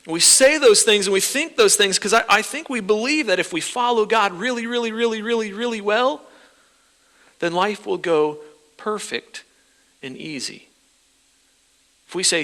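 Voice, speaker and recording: A male pastor preaching a sermon in a church, animated, his voice rising as he acts out people's prayers. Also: high voice, normal speed. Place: church sanctuary. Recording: reverberant church hall.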